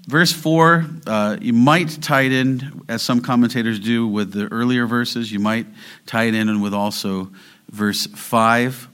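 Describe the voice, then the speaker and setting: Middle-aged male pastor, bright and forceful tone, chatty sermon delivery with bursts of sung scripture. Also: on the low side. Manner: breaks into singing the verse; chatty and joking with the congregation.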